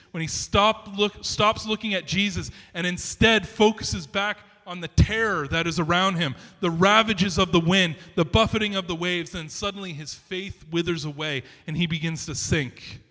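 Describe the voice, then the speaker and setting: Bright, animated male preacher in a hall. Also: high voice. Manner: animated, conversational preaching with many restarts and asides. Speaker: pastor. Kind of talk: sermon. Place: church sanctuary. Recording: reverberant church hall.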